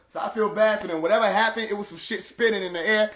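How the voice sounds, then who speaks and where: High-pitched aave guy ranting to his viewers, heated, lots of emphasis, roomy echo. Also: fast. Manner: animated, heated and emphatic, with vernacular slang. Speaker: speaker addressing viewers. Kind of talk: casual storytelling rant.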